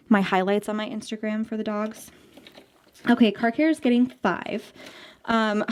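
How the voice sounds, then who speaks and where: Twenties woman vlogger, gushing casual chat, middle-pitched voice. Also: darkish tone. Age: 20s. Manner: bubbly, chatty, gushing. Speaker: budgeting vlogger. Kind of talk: casual chat while stuffing cash envelopes.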